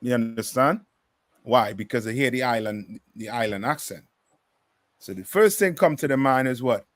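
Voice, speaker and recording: A man's voice: mid-range voice, moderate pace, fairly bright tone, dry recording. A man teaching a bible class in a preaching style, emphatic and full of rhetorical questions.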